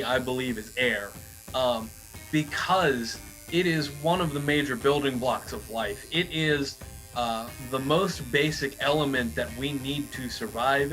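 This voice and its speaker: A man's voice: mid-range voice, fairly bright tone, rough recording. A man playing an earnest, hesitant tattoo customer in an improv comedy scene, stammering and restarting often.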